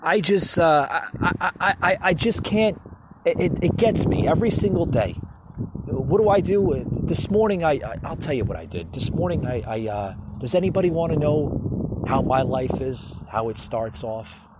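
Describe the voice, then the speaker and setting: A man's voice: on the high side, very animated, normal speed, very noisy. A man hosting a solo podcast, ranting in a repetitive, stammering way and calling his listeners folks. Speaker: podcast host.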